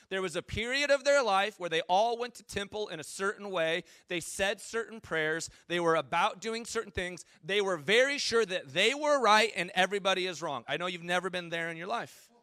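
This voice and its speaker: Male pastor with a high, crisp voice, preaching casually with jokes; dry, close sound. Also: lively intonation, normal speed, pushed and bright, dry recording. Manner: casual, joking, asks the audience questions. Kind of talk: conversational sermon.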